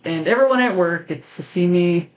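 A woman co-hosts a casual podcast in a relaxed way and often answers with short replies. Her voice sits a little low. A faint hiss runs under the recording. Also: normal speed, low-quality recording. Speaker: podcast co-host.

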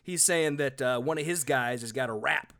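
A man's voice: medium pitch, normal speed, bright, forceful tone. A man co-hosting a casual book review podcast, joking and reading passages aloud in a mock-dramatic voice. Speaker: podcast co-host.

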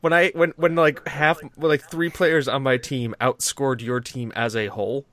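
A man hosting a podcast, chatting casually in an animated, sweary way with frequent restarts. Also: medium pitch, moderate pace. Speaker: podcast host.

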